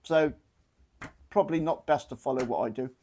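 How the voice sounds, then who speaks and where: A middle-aged man from Cornwall talks casually to camera with a Cornish accent. He is chatty and quick to make fun of himself. His pitch sits in an ordinary middle range. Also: warm tone. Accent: Cornish English. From Cornwall, England. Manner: chatty, self-mocking, joking. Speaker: gardening vlogger.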